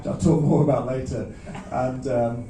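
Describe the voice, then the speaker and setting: A man, a singer-songwriter chatting between songs at a live gig in a halting, self-deprecating way, with many restarts. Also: medium pitch, fairly even intonation, over music. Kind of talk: rambling between-song stage banter. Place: small live music venue. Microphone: stage vocal mic. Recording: roomy, distant audience recording.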